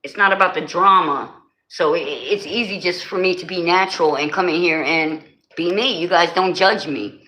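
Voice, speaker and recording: Jersey woman live streaming, chatting with viewers, bright tense voice, lowish pitch. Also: moderate pace, low-quality recording. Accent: New Jersey. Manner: chatty, greets and answers viewer comments. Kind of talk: casual live-stream chat.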